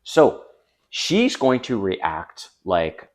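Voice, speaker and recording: A man's voice: lowish voice, sing-song, a little slow. A man hosting his own channel, giving direct, conversational dating advice to the camera. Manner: direct, conversational, acts out quoted lines. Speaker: dating coach.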